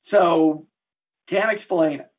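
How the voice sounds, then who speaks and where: A man being interviewed as a historian, telling lively anecdotes and acting out the quotes in his stories. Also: fairly high pitch, takes it slowly. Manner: animated anecdote teller who acts out quotes. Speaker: guest historian and author. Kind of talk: interview storytelling.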